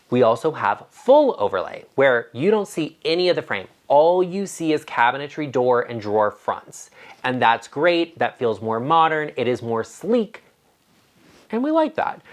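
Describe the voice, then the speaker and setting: A man who works as an interior designer, giving emphatic, opinionated advice straight to the camera in a casual way, with animated asides. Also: medium pitch.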